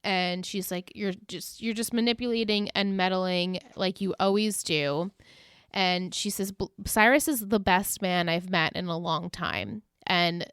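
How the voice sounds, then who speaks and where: Smooth-voiced woman recapping a show. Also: fairly low pitch, measured pace, no echo, clean studio sound. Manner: animated retelling with quoted character voices, laughing often. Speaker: podcast co-host. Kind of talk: casual recap chat.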